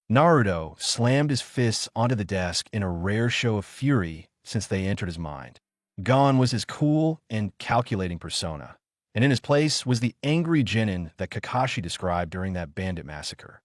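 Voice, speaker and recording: A man reading fan fiction aloud with expressive storytelling. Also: lowish voice, normal speed, no room sound, studio quality. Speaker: reader.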